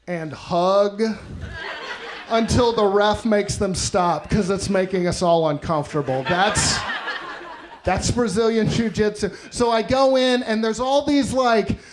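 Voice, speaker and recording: A man's voice: high-pitched, unhurried. A man doing a stand-up comedy set in a club, telling wry, self-deprecating stories into a handheld mic, recorded live. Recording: noisy live stage recording.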